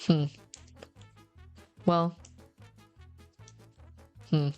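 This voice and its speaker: Rambling young woman streamer, low voice. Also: flat delivery, very slow, darkish tone, clean tone, highs cut off, faint music behind. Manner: rambling, repeats herself, teasing. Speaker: VTuber streamer. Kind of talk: casual live-stream chat. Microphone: game chat headset mic, low sound quality.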